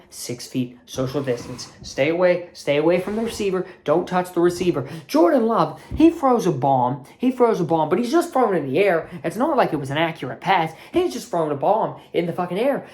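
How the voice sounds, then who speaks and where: Woman sports vlogger, profane heated rant, very lively pitch. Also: normal speed, few pauses. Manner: profane, fired-up ranting with big swings in pitch. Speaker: sports channel host. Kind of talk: ranting sports commentary vlog.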